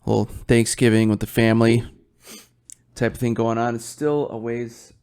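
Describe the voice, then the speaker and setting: A young man hosts his own podcast alone, rambling loosely over a beer. He swears freely and yawns as he talks. His voice sits at an ordinary middle pitch. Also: level tone, unhurried, pauses often, darkish tone, smooth. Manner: rambling, swears often, yawning. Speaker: podcast host. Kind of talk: casual solo chat while drinking beer.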